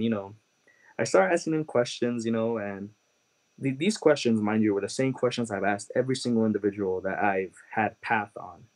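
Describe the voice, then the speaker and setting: A man from Chicago telling his conversion testimony as a guest, earnest and halting, with many "like" and "you know" fillers. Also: fairly low pitch, rough recording. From Chicago, USA. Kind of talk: personal testimony storytelling.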